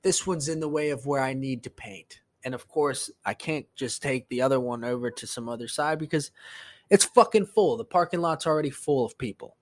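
A man hosting a casual solo podcast, telling a story in profane, animated bursts that climb into a rant. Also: medium pitch, normal speed, dry recording. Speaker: podcast host.

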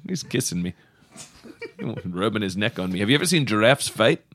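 Brief: male improviser as excitable, crude poker player; swooping delivery, dry recording. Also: fairly low pitch, a little fast, no echo. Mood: boisterous. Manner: loud, crude joking, bursts of shouting. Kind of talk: improvised comedy podcast.

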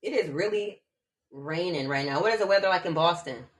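A woman in her thirties from Omaha, an actress, talking in a relaxed, slangy way. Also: fairly low pitch, fairly quick. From Omaha, United States. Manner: relaxed, slangy, laughs often. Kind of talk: casual chat.

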